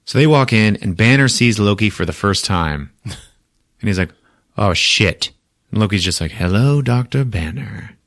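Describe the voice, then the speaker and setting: Low-voiced man recapping a movie casually. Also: expressive, fairly quick, fairly bright tone, dry recording, clean studio sound. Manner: casual, profane, laughing. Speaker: podcast host.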